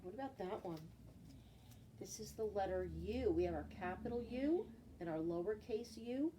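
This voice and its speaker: A woman teaching a children's phonics lesson, slowly and patiently naming letters and stretching out example words. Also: medium pitch, lively intonation. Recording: voice from a distance, faint background noise.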